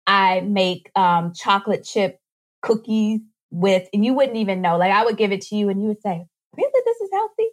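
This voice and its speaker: A woman guest on a podcast, explaining nutrition in a casual, animated way and acting out little voices as she goes. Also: mid-range voice. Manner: animated, acts out voices in quick asides.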